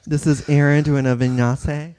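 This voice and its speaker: A man's voice: on the high side, flat delivery, normal speed, darkish tone, slight background noise. A man telling comedic stories in a casual podcast chat, playful and theatrical, slipping into sassy quoted voices.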